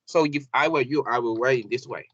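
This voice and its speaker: A man teaching an English grammar lesson, halting and repeating phrases with many fillers. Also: medium pitch, fairly bright tone, no room sound. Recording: dull lo-fi classroom recording.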